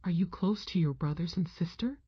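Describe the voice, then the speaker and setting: A woman voicing a guarded young Irish woman who asks wary questions, in a husky, low voice. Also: brisk, no echo. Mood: curious. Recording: dull, muffled dry sound.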